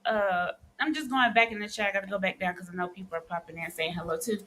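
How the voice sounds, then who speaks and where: A woman's voice: mid-range voice, fairly even intonation, quick pace, sharp tone, slight background noise. A woman from Texas, co-hosting a casual live stream and chatting as she greets viewers by name.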